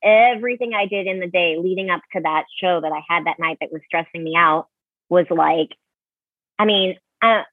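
A woman in her thirties chats candidly about her career, full of fillers and restarts. Her voice sits a little low. It comes through a thin, tinny phone line with no room echo. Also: moderate pace. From Utah, USA. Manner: chatty, candid, many fillers. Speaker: guest ballet dancer. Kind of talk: casual interview.

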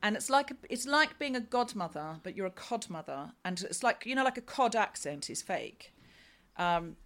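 Bright-voiced chatty woman. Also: mid-range voice, normal speed. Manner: chatty, rambling, lively storytelling. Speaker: guest. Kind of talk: casual chat.

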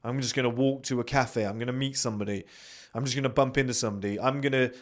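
A man's voice: medium pitch, fast. A young man hosting a podcast, giving a blunt, sweary motivational monologue. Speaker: podcast host.

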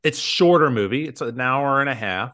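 A man's voice: medium pitch, animated, normal speed, bright, forceful tone. Rambling casual male podcast host. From United States. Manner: rambling, many "like"s, acts out quotes. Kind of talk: casual chat recapping a movie.

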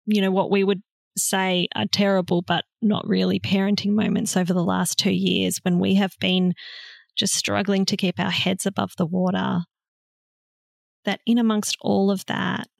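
A woman guest on a podcast, speaking in a soft, slow, heartfelt way with long pauses. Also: mid-range voice, level tone, gravelly, no echo, studio quality. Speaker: guest, motherhood facilitator. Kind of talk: slow reflective conversation.

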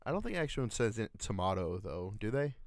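A man's voice: on the low side, big pitch swings, fairly quick, dry recording, clean studio sound. A man who is a military veteran, co-hosting a podcast with crude, teasing banter.

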